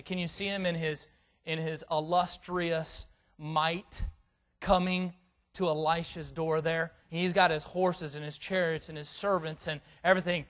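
A man preaching a sermon and reading scripture aloud, swinging from hushed asides to loud, dramatic peaks. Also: high-pitched, moderate pace. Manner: reads scripture in King James wording.

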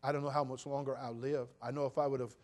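A pastor in his sixties preaching a sermon, swinging between loud bursts and quiet, low asides. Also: level tone, fast. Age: 60s.

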